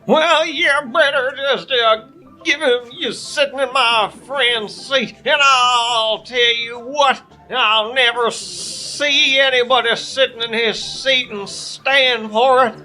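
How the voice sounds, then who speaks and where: A man voicing a rough, hostile cowboy in a saloon, blustering and folksy in an improvised podcast skit. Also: very high voice, steady tone, takes it slowly, bright, forceful tone, faint music behind, pitched above the performer's own voice, exaggerated voice, poor audio. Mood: blustering threat.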